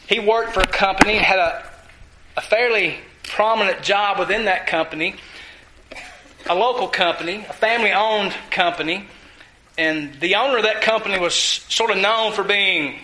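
A man's voice: sits high, bright, forceful tone, roomy sound, slight background noise, low-quality recording. A male preacher giving an earnest, emphatic sermon, putting direct questions to his congregation.

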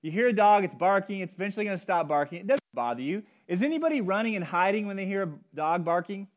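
A man's voice: sits high, lively intonation, fast, muffled recording. A man preaching a sermon, telling stories and speaking directly to the congregation and its children. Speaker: pastor. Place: church service.

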